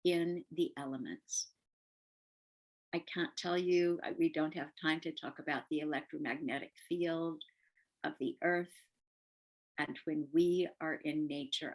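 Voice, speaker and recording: An older woman giving gentle, earnest advice to parents and teachers, often repeating words softly for emphasis. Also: deep voice, poor audio. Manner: warm, gentle advice with soft emphatic repetition. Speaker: parenting educator.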